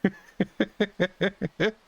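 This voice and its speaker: A man's voice: high-pitched, steady tone, very slow, gravelly, a little mellow, muffled recording. A young British man chatting casually while streaming a game, rambling and chuckling often with mild cursing. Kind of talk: casual chat while gaming.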